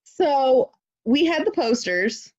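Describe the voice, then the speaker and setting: Woman, high voice, very lively, dull lo-fi sound, excited swearing storyteller. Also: slow, no room sound. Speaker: podcast co-host. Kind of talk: casual chat.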